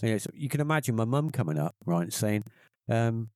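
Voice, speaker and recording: A man's voice: a little fast, no echo. A middle-aged man, telling a personal story on a podcast and acting out the voices of the people in it. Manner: animated, acts out quoted voices in a higher pitch. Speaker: podcast guest. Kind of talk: casual storytelling.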